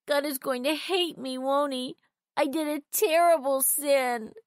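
A tearful little boy in a children's storybook, as a woman reader puts him on, pleading and anxious. His voice sits high and small, with an altered childlike tone. The sound is dry and close. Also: measured pace, no room sound. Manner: sobbing, pleading.

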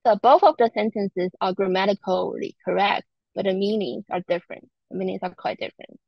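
A woman from Taiwan with a Taiwanese Mandarin accent, a native Mandarin speaker giving a language lesson and slowly repeating example words. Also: medium pitch, steady tone, gravelly, no echo, muffled recording. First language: Mandarin Chinese. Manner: slow, careful repetition of example words. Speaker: Chinese language instructor.

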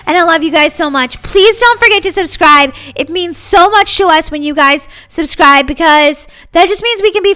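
Very high, bright bubbly woman gamer. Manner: bubbly, excitable, giggly. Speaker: gaming channel host. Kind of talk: playing a video game and commenting.

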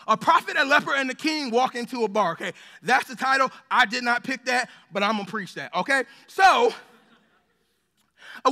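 Man, preacher, sermon, impassioned with joking asides, very high pitch, echoing church hall. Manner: impassioned, building to shouts, with jokey asides. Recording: long hall reverb.

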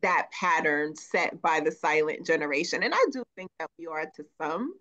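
A woman's voice: deep voice, lively intonation, moderate pace, bright, forceful tone, dull audio. A woman in her forties co-hosting a podcast, speaking reflectively and laughing as she talks. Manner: reflective, laughs while talking. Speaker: podcast co-host. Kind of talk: casual chat.

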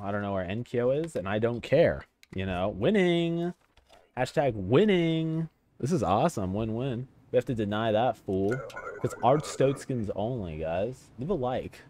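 A man giving casual let's-play commentary as a streamer, excitable, joking and easily sidetracked. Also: mid-range voice. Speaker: gamer streamer.

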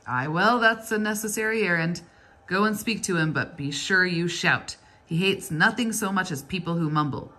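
A woman reading aloud, voicing a kindly, wry old male stonecutter in a storybook, with a low, slightly husky voice. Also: normal speed, bright, forceful tone.

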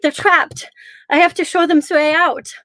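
A fearless little ghost girl with a thick Polish accent, exclaiming urgently in a high, bright voice, as a woman reading a storybook puts her on. The voice is close and dry. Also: fairly even intonation, moderate pace, dry recording.

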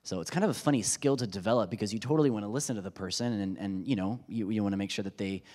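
A man's voice: lowish voice, rapid-fire, darkish tone. A pastor in his thirties giving a sermon in a church sanctuary, conversational and self-deprecating, often acting out quotes with humor. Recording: long reverb of a church hall.

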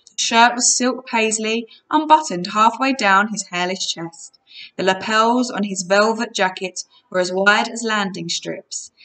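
A woman reading a storybook aloud, narrating in an expressive first-person way. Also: mid-range voice, unhurried, distant mic. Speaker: reader.

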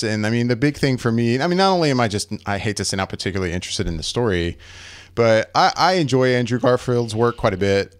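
A man's voice: medium pitch, clear, resonant tone, no echo. Podcast co-host, Southern-raised man, rambling and hesitant, resonant voice. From American South. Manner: hesitant, rambling, laughs often. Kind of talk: casual chat.

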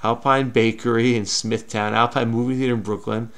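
A man's voice: medium pitch, little pitch movement, brisk. A man hosting a crossword-solving video, talking frenetically and muttering to himself as he searches. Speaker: crossword solver. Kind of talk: casual puzzle-solving commentary.

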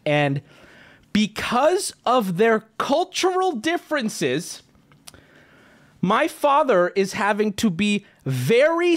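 Heated, expressive man ranting on stream. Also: high-pitched. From United States. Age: late 20s. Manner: heated, swearing, shouting at times. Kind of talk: ranting casual stream chat. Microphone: studio mic with noise gate.

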